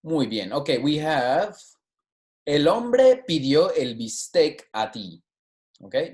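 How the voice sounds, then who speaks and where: A man teaching a recorded language lesson, explaining patiently and often checking in with "right?" while modeling phrases slowly. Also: a little high, sing-song, darkish tone. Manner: switches between English and Spanish, models pronunciation slowly. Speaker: Spanish teacher.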